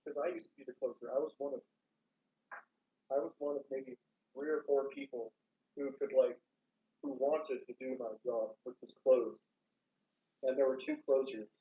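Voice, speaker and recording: A man's voice: mid-range voice, moderate pace, pauses often. Young man rambling on a lo-fi mic. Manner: rambling, lively anecdotes. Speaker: podcast co-host. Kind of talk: casual chat. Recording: dull lo-fi mic.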